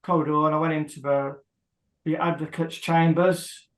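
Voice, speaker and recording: A man being interviewed, talking hesitantly with many pauses and fillers as he rambles through what happened. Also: fairly high pitch, little pitch movement, a bit bright, reverberant, rough recording. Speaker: guest, husband of a prisoner. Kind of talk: emotional interview.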